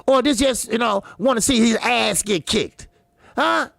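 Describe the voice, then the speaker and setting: A man hosting a live boxing talk stream, loud and profane, laughing often and calling out greetings to chatters. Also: very high voice, a little slow, gravelly, no room sound, studio quality. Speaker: boxing talk show host.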